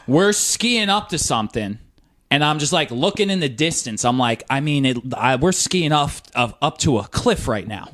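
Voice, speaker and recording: A man's voice: a little high, fairly bright tone. A man co-hosting a podcast, telling a story in casual, profane, rambling chat. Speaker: podcast co-host.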